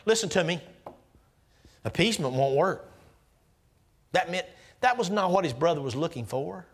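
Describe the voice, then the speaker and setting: A man in his sixties preaching an emphatic sermon in numbered points, sometimes dropping to a hushed aside. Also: on the high side, expressive, moderate pace, long pauses. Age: 60s. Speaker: guest preacher.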